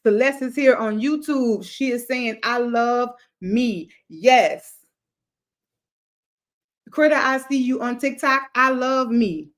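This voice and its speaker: A woman's voice: high voice, slow, long pauses. Emphatic woman hosting a live stream. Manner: emphatic, repetitive, preacher-like cadence. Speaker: livestream host. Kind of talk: motivational livestream talk.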